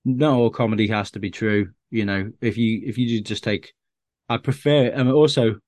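With a lowish, slightly mellow voice at a moderate pace, a male stand-up comic tells casual, self-deprecating anecdotes as a guest, restarting often. There's no echo on the recording.

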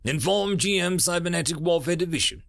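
A man's voice: a little high, animated, brisk, creaky, a bit bright, no room sound, clean studio sound, pitched above the performer's own voice. A man doing a cold, snarling machine warlord, Legion. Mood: cold commanding. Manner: snarling, cold hard edge. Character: stern ancient male digital war-being, commanding.

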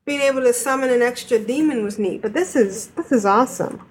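A woman's voice: fairly high pitch, brisk, slightly rough. A woman co-hosting a casual podcast, giggly and playful. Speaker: podcast co-host.

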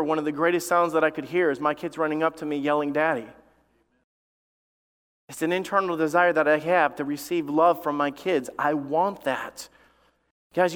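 A middle-aged man preaches in a church sanctuary, his fairly high voice ringing with a long hall reverb. He talks in a conversational, storytelling way, laughing now and then and pushing up for emphasis. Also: fairly bright tone, smooth. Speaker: pastor. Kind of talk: sermon.

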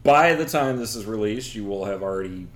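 A man's voice: lowish voice, expressive, brisk. A man co-hosting a comedy podcast, joking in casual banter. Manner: joking, laughing, wry. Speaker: podcast co-host.

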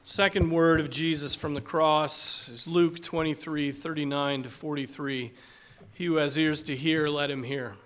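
A male preacher delivering a sermon, reading scripture slowly and deliberately with dramatic, emphatic swells. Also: a little high, steady tone, a bit bright.

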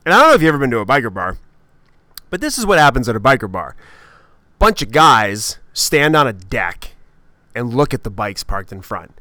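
A podcast host spins a comic story in an animated, swearing, self-mocking way. His voice is bright and smooth. The recording is close and dry, with no room sound. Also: mid-range voice, a little fast, dry recording. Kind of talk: comedic storytelling monologue.

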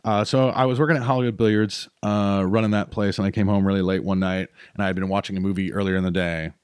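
A man telling a long story in casual chat, animated and rambling, with fillers and acted quotes. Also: sits low, fast, smooth, dry recording, clean studio sound. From North Carolina.

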